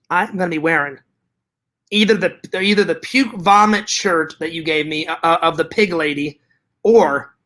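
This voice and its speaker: A man's voice: high-pitched, pushed and bright. A man vlogging to his viewers in casual chat, hyper and rambling, with joking profanity.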